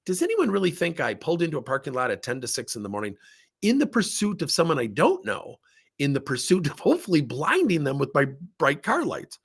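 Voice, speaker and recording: A man's voice: fairly high pitch, brisk, vocal fry, slightly rough. A middle-aged man, a workplace coaching consultant, talking to camera and telling stories that act out the voices of the people in them. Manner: animated storytelling, acts out quoted voices. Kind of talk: talk to camera.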